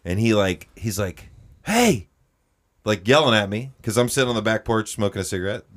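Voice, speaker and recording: A young man hosting a podcast, telling a story in a casual, animated way, swearing and jumping into high voices for quotes. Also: quick pace. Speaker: podcast host.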